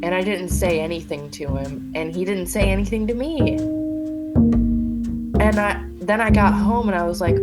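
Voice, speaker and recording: Low-voiced woman sharing her story. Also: moderate pace, loud music behind the voice. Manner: casual, heavy on fillers. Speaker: guest telling her story. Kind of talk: personal testimony.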